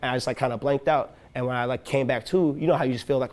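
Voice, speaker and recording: A young man from Chicago spins profane, animated stories in a casual interview, acting out the voices of everyone he quotes. He talks quickly, with a rough, gravelly edge in his voice. His speaking pitch sits in an ordinary middle range. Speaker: rapper.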